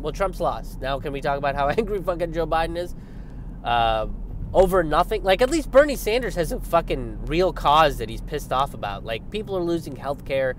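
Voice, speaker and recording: A young man giving a casual political rant, animated and sarcastic, swearing often and mocking his opponents. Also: a little high, a little fast, a little hiss or hum. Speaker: political commentator. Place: outdoors by a road with passing traffic.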